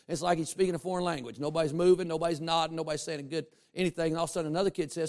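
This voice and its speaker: A male pastor preaching a sermon, animated and humorous, with asides to the congregation. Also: fairly high pitch, very fast, gravelly, hardly any pauses.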